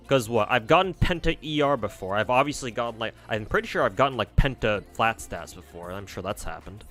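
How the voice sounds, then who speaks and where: A man's voice: medium pitch, expressive, normal speed, fairly bright tone. A man streaming a game, chatting casually and swearing freely as he mutters to himself. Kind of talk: casual gameplay commentary. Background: faint game music.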